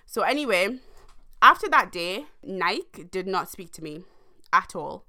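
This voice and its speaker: A young woman, telling a long story to her viewers in a rambling, animated way, full of slang and fillers. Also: mid-range voice, normal speed. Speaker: vlogger. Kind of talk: casual storytime monologue.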